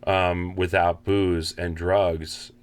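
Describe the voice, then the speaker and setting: Male podcast co-host, low voice, blunt and profane, pushes back in debate. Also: level tone, very slow, smooth. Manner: blunt, swears, mimics himself loudly. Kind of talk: casual recovery talk.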